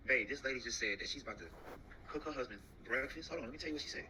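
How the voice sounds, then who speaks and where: A man chatting and joking loudly on a casual livestream. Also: mid-range voice, very fast, slight background noise, rough recording.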